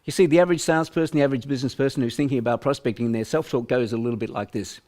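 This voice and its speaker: A man's voice: medium pitch, racing, darkish tone. Older Australian man, sales trainer, emphatic delivery, plays out examples. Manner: emphatic, acts out voices to illustrate. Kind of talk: business training presentation.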